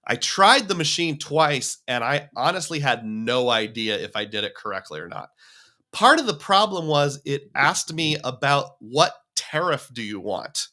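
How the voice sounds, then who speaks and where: Bright-voiced chatty man. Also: on the high side, big pitch swings, normal speed. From United States. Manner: rambling, chatty, reads viewer comments aloud. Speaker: livestream host. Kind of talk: casual livestream chat.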